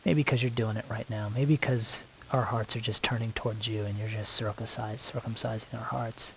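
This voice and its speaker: A man leads a spontaneous spoken prayer in a soft, gravelly voice. He talks haltingly and repeats words as he searches for them, sinking now and then to a hushed near-whisper. A faint hiss sits under the recording. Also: on the low side, steady tone, poor audio. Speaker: worship leader praying aloud.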